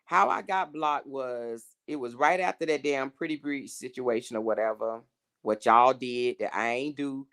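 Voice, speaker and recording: A woman's voice: extremely low pitch, moderate pace, fairly bright tone. A woman on a casual podcast, telling stories bluntly, swearing freely and acting out what others said. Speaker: podcast co-host. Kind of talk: casual gossip chat.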